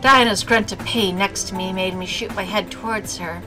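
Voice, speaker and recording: A woman's voice: medium pitch, steady tone, normal speed. Female streamer reading a story game aloud; wry commentary, music underneath. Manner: snarky asides between narration. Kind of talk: reading a visual novel aloud.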